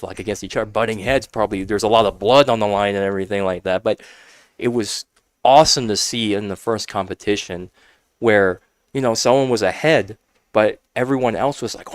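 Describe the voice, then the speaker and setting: Upbeat man in his twenties, animated. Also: brisk, no room sound. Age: 20s. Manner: earnest, upbeat, acts out quotes with big pitch jumps. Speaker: podcast guest. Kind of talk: casual chat.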